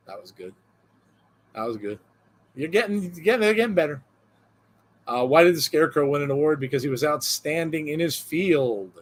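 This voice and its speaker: A man's voice: fairly high pitch, animated, normal speed, long pauses, a little hiss or hum. A man casual podcast host, chuckling and rambling. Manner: chuckles often, loose and rambling with many fillers. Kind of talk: casual chat, reading out viewer jokes.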